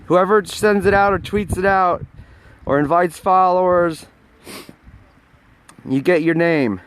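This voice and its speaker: Walking a dog down a snowy street, a man with a high, smooth voice hosts a casual livestream on a handheld phone. He takes it slowly, chatting playfully with his viewers.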